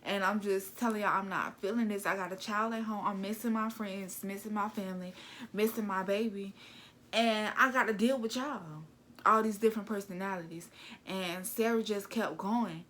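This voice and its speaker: A woman in her twenties, a vlogger, casually retelling drama in a blunt, gossipy, animated way. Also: mid-range voice, normal speed, slight background noise. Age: 20s. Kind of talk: casual storytelling vlog.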